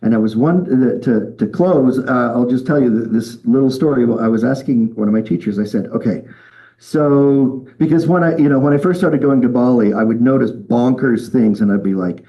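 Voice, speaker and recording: A man's voice: medium pitch, normal speed, rough recording. Chatty man leading a group workshop. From United States. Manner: relaxed and chatty, with many ums and okays. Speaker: workshop leader. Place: room with a group of people.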